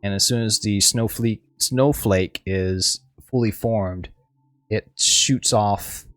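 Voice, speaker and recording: A man running a tabletop game as game master, narrating haltingly with frequent restarts and searching for words. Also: on the low side, fairly bright tone, dry recording, faint music behind.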